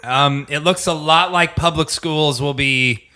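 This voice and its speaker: A man with a bright, somewhat high voice chats as a guest on a studio podcast. He is a middle school teacher and talks in a loose, friendly way. He laughs often and rushes ahead when he jokes. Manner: chatty, laughs often, speeds up when joking. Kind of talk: casual interview chat. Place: podcast studio with guitars and amps.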